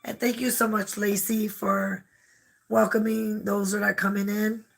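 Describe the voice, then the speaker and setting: Woman with a shot voice, all husky and croaky, chatting on a home live stream. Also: medium pitch, level tone, a little slow, soft background music. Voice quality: hoarse, gravelly. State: losing her voice. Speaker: channel co-host. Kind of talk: casual live-stream chat. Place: home media room.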